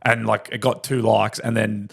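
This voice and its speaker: A young Australian man co-hosting a casual podcast, telling an animated story and swearing constantly. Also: fairly low pitch, normal speed, creaky, breathy edge. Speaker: podcast co-host. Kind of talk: casual profane chat.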